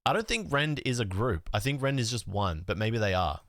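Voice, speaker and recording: A man's voice: fairly low pitch, animated, fairly quick, a bit bright, no room sound, studio quality. A young man streaming from home, chatting casually with lots of fillers, swearing and rambling as he sorts his cards. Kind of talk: casual live-stream chat.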